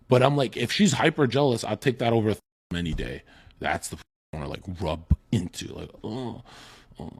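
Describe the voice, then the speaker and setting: Husky man talking with lively swings. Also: medium pitch, a little fast. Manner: animated, profane, acts out quotes. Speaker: podcast guest. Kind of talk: heated casual chat.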